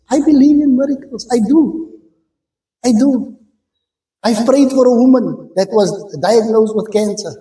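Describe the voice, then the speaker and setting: Pastor preaching, really high voice, big echoey church sound, keeps repeating stuff. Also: male voice, normal speed. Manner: animated, emphatic, repeats phrases, laughs between points. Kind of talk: sermon. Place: church sanctuary. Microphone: stage microphone.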